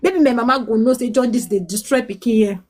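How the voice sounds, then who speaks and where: A Nigerian woman in her late thirties, mixing English and Pidgin, telling her life story as a mother in a pleading, halting way. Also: fairly high pitch, darkish tone. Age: 30s. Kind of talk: emotional personal testimony.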